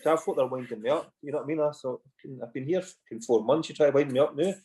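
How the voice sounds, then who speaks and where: A man's voice: medium pitch, quick pace, warm tone. A Scottish man in his forties, a former footballer guesting on a podcast, telling long casual stories full of "you know" asides. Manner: rambling anecdotes with frequent "you know" and swearing. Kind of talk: casual storytelling chat.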